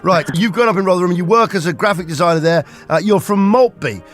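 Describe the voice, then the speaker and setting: A man hosting a radio show, quick and jokey, laughing often through the banter. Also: sits high, soft background music. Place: radio studio.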